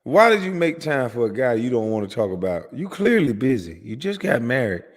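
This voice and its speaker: A man's voice: medium pitch, sing-song, brisk, in a large hall. A man giving heated reaction commentary, profane and mocking as he rants at someone. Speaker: host reacting to a clip.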